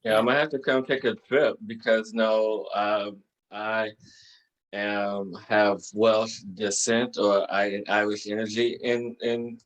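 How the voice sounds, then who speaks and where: A man with a very low, flat voice talks slowly and haltingly, pausing often to find his words. He speaks casually over an online call. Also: poor audio. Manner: slow, halting, searching for words. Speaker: guest. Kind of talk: casual spiritual conversation. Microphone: video call.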